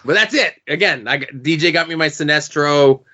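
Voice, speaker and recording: A man co-hosting a podcast in casual chat, telling stories in an animated, profane way. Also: on the high side, brisk. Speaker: podcast co-host. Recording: dull lo-fi podcast audio.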